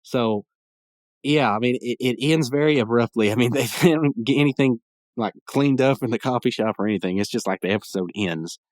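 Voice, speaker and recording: A man's voice: medium pitch, brisk, darkish tone, no room sound. A man hosting a podcast, giving a rambling, chatty recap of a cartoon episode with frequent restarts. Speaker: podcast host.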